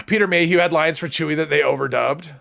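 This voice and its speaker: A man's voice: a little high, fairly quick, creaky, fairly bright tone. A man streaming a video game, chatting casually with his viewers and rambling, often restarting and correcting himself. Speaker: live streamer. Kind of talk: casual gameplay commentary while reading chat.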